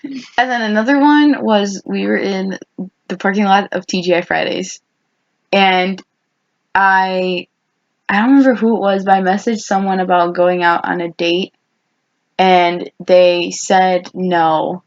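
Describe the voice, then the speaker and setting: A woman's voice: medium pitch, fairly even intonation, measured pace. A young woman in her twenties co-hosting a podcast, chatting casually with her best friend, rambling with lots of restarts and quoted asides. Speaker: podcast co-host. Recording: dull lo-fi podcast audio.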